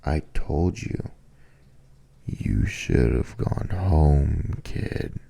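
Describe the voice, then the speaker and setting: A man voicing a sinister old man who sets his dogs loose, speaking slowly and menacingly. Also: extremely low pitch, lively intonation, gravelly, mellow, husky, heavily acted. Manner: slow, menacing taunting.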